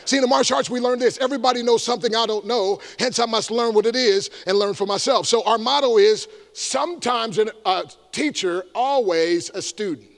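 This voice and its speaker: High, gravelly evangelist. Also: male voice, fairly quick, few pauses. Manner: shouting, call-and-response with the audience. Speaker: evangelist and motivational speaker. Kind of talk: energetic stage motivational talk. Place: large room before a live audience.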